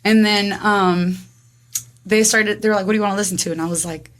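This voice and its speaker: A woman in her twenties, appearing as a guest, tells her own story in a casual chat. She talks quickly and with animation in a mid-range voice, acting out everyone's lines and saying "like" a lot.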